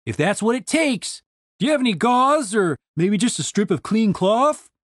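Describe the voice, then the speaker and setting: A man's voice: high voice, very animated, moderate pace, no echo, pitched above the performer's own voice. A man voicing a courteous, earnest paladin who pleads politely.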